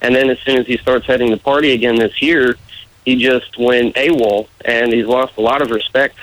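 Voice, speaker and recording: Candidate guest, muddled accent, relaxed and good-humored, dead-dry radio studio sound. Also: male voice, medium pitch, moderate pace, no room sound, rough recording. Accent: muddled mixed accent. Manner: easygoing, laughs off teasing. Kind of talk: radio interview.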